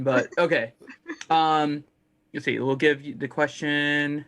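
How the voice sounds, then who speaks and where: A man hosting a live charity stream who gives shout-outs and reads viewer questions. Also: a little high, steady tone, slow pace. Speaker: stream host. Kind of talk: casual stream chat.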